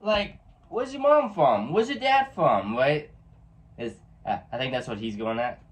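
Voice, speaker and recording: Slow-talking man reacting casually. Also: mid-range voice, expressive, slight background noise. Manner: laid-back remarks, chuckling asides. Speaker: reaction video host.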